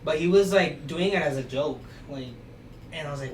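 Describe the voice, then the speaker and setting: A man's voice: on the high side, fairly quick. Young man, podcast guest, loose casual storytelling, echoey room, distant mic, background noise. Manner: relaxed storytelling, many fillers like "you know" and "like". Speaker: podcast guest, aspiring musician. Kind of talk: casual conversation.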